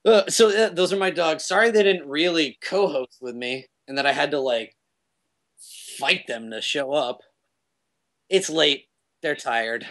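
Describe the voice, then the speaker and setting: Young man, casual meetup guest, rambly and loose, slightly high voice. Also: fairly bright tone. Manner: rambling, loose, lots of fillers and self-corrections. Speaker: remote guest speaker at a meetup. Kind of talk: casual chat.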